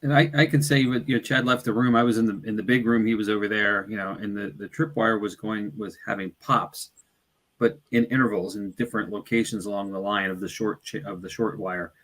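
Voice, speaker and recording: A man's voice: lowish voice, steady tone, a little fast, fairly bright tone. A man who investigates the paranormal, recounting his night in a hesitant, casual way with frequent restarts. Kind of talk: casual podcast chat.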